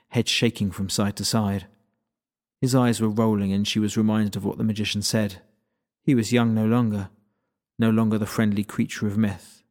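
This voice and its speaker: A man narrating a fantasy audiobook in a lowish voice. He reads in an even, steady storytelling manner. The narration sounds scripted and controlled.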